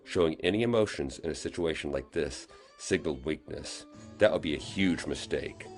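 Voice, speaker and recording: A man, the author, reading his own novel aloud in expressive audiobook narration. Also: very deep voice, moderate pace, faint music behind. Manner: expressive storytelling.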